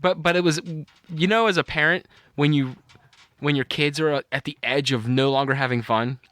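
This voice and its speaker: A middle-aged man co-hosting a podcast tells a rambling story in casual chat, laughing at his own anecdote. His voice is a little high and a bit bright, at a moderate pace, with no room sound.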